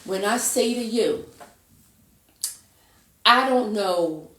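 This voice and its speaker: A woman telling a painful personal story in a halting, emotional way, often repeating herself and acting out what people said. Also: medium pitch, expressive, a bit bright. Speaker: guest telling her story. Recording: echoey room, voice from a distance.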